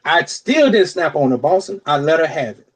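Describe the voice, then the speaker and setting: A young man co-hosting a podcast tells a long, swear-filled story in easygoing chat, animatedly doing voices for everyone he quotes. His voice is on the high side with a breathy edge, and he speaks at a moderate pace.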